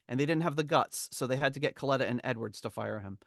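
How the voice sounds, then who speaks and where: Reading from a memoir on his podcast, this host rambles and chuckles through the story in casual chat. He talks fast at medium pitch with vocal fry. The recording is dry and studio quality.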